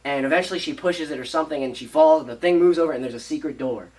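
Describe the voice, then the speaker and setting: A man on a podcast casually retelling a movie plot, rambling and animated, acting out the characters' lines and swearing freely. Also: fairly high pitch, rapid-fire, far from the mic, low-quality recording. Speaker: podcast co-host.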